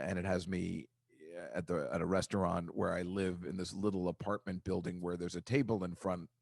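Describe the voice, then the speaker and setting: A man's voice: creaky, a little mellow, dry recording, clean studio sound. A man hosting his own podcast, rambling in a casual, self-deprecating comic monologue. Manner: rambling, self-deprecating, shifts pitch a lot. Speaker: podcast host.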